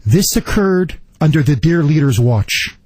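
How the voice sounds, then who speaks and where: Male talk radio host, high lively voice, husky edge, indignant and emphatic monologue, dry close sound. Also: measured pace, no echo.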